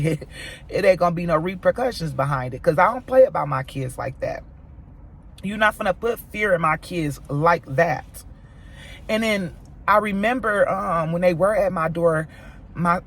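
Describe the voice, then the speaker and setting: An American woman vlogging, telling a personal story to her viewers in an animated, emphatic way. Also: fairly low pitch, a little hiss or hum. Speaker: mom vlogger. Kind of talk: storytime vlog.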